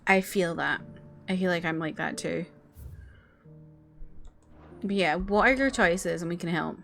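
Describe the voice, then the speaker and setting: A woman's voice: fairly low pitch, unhurried, creaky, a bit bright, soft background music. A young woman streaming a game, chatting with viewers in a bubbly, casual way, full of likes and laughs. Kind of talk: casual chat.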